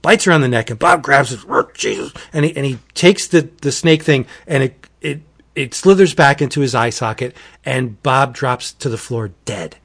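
Animated man retelling a comic story. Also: medium pitch, normal speed. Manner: animated storyteller, acts out quotes, says wackadoodle.

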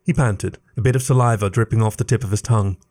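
A man narrating a first-person story in a steady, measured reading voice. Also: lowish voice. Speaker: story reader.

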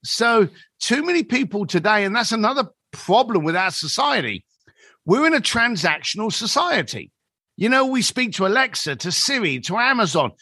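A man in his fifties tells stories as a podcast guest, his voice sitting high and bright. He swings his pitch widely, acting out each quoted line. The sound is close and dry. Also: moderate pace, breathy edge, dry recording. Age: 50s. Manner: animated storyteller acting out quoted dialogue. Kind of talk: storytelling in a podcast conversation.

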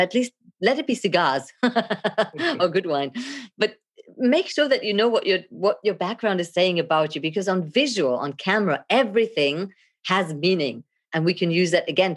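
Here a middle-aged woman, a coach in video and leadership, is interviewed as a podcast guest. Her fairly low voice comes across theatrical and lively, broken up by frequent laughter.

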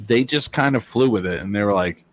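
Rambling man, fairly low voice. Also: brisk, slight background noise. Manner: rambling storyteller with many fillers and quoted voices. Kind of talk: casual chat.

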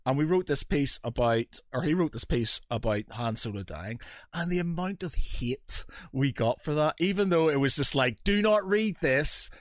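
A man co-hosting a casual podcast, telling lively stories and acting out what people said, with the odd swear word. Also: on the high side, moderate pace, dry recording, studio quality. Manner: animated storyteller, swears, acts out quotes. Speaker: podcast co-host.

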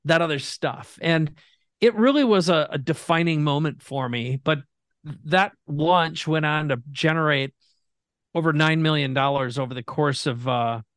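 A man's voice: fairly high pitch, normal speed, a bit bright, dry recording. Earnest storytelling man, dry sound. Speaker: guest entrepreneur. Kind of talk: conversational storytelling.

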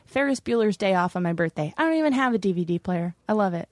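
A woman's voice: medium pitch, animated, dry recording, studio quality. Playful, jokey woman podcast co-host. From New England. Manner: playful, jokey, quick to laugh. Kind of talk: casual chat.

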